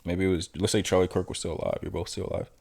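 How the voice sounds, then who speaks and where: A man's voice: deep voice, little pitch movement, racing, gravelly, a little mellow. A man giving political commentary in a blunt, lecturing, confrontational manner.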